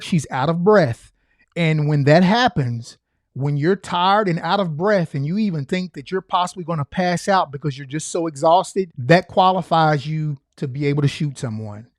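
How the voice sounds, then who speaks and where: A man's voice: a little high, no room sound, studio quality. A man who is a former state trooper giving earnest, emphatic reaction commentary, repeating his key points.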